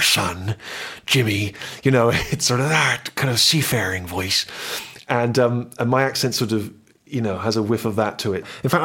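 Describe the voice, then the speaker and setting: A man's voice: medium pitch, fairly bright tone, breathy edge. A middle-aged man from Bristol with a West Country accent, talking in a radio interview as a guest, with many restarts and filler words. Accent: Bristol West Country English. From Bristol, West Country, England. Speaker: interview guest, actor and writer.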